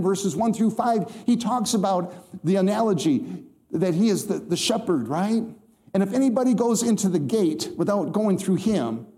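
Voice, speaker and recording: A man with a high but dark-toned voice preaches a sermon to a congregation. He quotes scripture and addresses the listeners directly in an emphatic rhythm.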